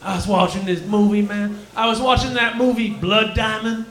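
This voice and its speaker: A man's voice: sits high, fairly even intonation, moderate pace, fairly bright tone. A man doing a stoned Texan cobra. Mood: stoned rowdy. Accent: Texan, put on. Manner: drawling, rambling stoner banter with whoops. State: claims to be high, cotton mouth. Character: stoned crude male Texan cobra, drawling. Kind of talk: live stand-up character bit. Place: comedy lounge stage, live. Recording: roomy live club room.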